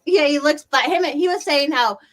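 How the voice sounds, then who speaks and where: A woman's voice: high-pitched, a little fast, slight background noise. A young woman hosting a casual livestream, chatting in a giggly, meandering way.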